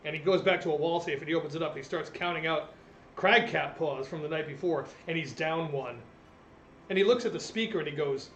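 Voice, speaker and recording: A man's voice: fairly high pitch, brisk, a bit bright, echoey room, a little hiss or hum. A young man narrating a tabletop game as game master, chatty and self-deprecating.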